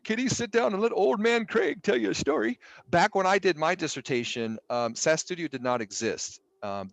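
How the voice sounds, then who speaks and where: A man's voice: mid-range voice, fairly bright tone, dry recording. A middle-aged man teaching a statistics class online, casual and jokey with exasperated asides and mild swearing. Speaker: statistics instructor. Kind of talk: live online class lecture.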